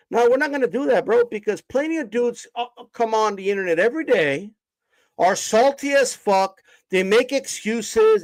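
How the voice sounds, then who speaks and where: A boxing streamer with a high-sitting voice rants heatedly on a live stream, cursing and confronting his chat in a mocking, combative way. The recording is dry and low in quality.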